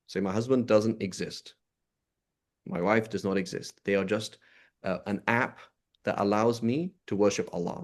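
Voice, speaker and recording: An Islamic teacher with a lowish, slightly mellow voice gives an informal religious lesson. He keeps it conversational, often checking in with listeners by asking "right?" and "you know?"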